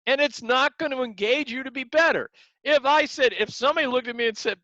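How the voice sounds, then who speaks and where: A man's voice: very high voice, a little fast, pushed and bright, no room sound. A man teaching a martial arts class, talking earnestly and repeating words as he acts out examples. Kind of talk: motivational class talk. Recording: dull lo-fi sound.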